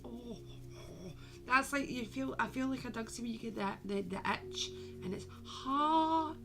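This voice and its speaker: A woman's voice: a little high, normal speed, over music. A woman hosting a live stream as a medium, chatting casually with viewers and calling them "my darling".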